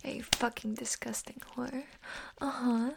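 A young woman acting a scornful, domineering roommate in a whispered role-play, talking in a mocking, contemptuous way with a husky voice. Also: a little high, fairly even intonation, unhurried, very noisy. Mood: teasing.

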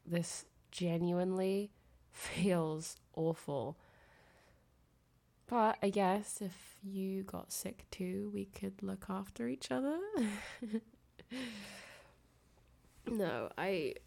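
Sick young woman, nasal and congested, unhurried and giggly, for an intimate girlfriend phone-call role-play. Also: medium pitch, vocal fry. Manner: soft, intimate, giggly, trailing off. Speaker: audio creator.

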